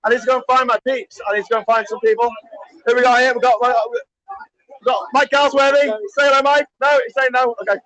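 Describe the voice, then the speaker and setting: A man live streaming at a crowded party, cheering, shouting greetings and chatting excitedly, getting hoarse. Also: very high voice, a little fast, rough recording. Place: crowded indoor party venue.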